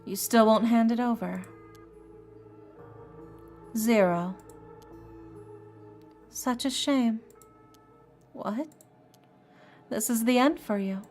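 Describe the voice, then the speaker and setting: A cold, menacing woman from a horror game taunts her prey in a cool, unhurried voice, as a woman reads her lines. A gravelly edge sits under the words, with faint music behind. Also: fairly high pitch, a little mellow.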